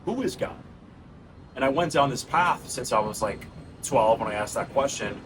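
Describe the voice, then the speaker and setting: A man's voice: mid-range voice, lively intonation, moderate pace, background noise. A man in his thirties with a New York accent, giving an earnest, casual monologue to his viewers and calling them bro and guys. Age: 30s. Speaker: channel host. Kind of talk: raw personal monologue to camera.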